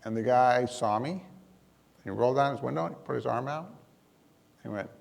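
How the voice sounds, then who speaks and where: A man giving a talk, telling a personal story to an audience in a lively, self-deprecating way with comic timing. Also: medium pitch, brisk, gravelly, big-room sound. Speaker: emergency manager giving a talk.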